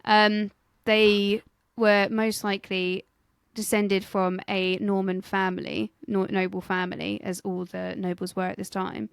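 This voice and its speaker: A woman's voice: medium pitch, flat delivery, a little slow, creaky, clean tone, dry recording, studio quality. A woman co-hosting a history podcast in a casual, jokey way, swearing freely as she tells the story. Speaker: podcast co-host and researcher.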